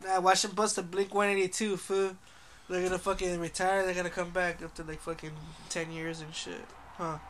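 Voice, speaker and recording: A young man talks in a casual, profane way, joking and laughing through his stories. His voice sits high for a man. A faint hiss runs under the recording. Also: little pitch movement, a little fast, a bit bright. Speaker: podcast co-host. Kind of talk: casual chat.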